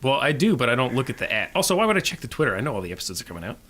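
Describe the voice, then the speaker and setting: A man co-hosting a casual podcast, his voice bright and ringing with a lively, bouncing pitch. He tells stories in a loose, joking way and laughs easily. There is a faint hiss behind him. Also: racing. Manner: laughs often, chatty storytelling. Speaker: podcast co-host. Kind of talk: casual chat, joking banter.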